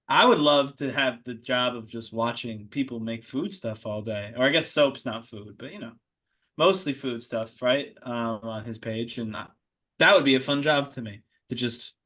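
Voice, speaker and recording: A man's voice: medium pitch, sharp tone. An American man hosting a podcast in casual chat. He is easygoing, laughs often and restarts his sentences. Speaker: podcast host.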